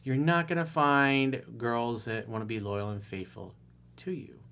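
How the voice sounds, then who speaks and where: A man's voice: mid-range voice, steady tone, unhurried, gravelly, pushed and bright. Middle-aged guy, relationship coach, blunt and sarcastic, mocks the letter writer. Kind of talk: solo video commentary reading a viewer email.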